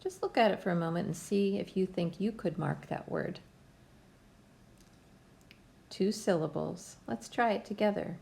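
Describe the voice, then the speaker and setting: Patient woman teacher for a kids' phonics lesson; lowish, gravelly voice, slow delivery. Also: a little mellow. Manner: slow, patient, step-by-step instruction. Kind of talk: phonics lesson for young students.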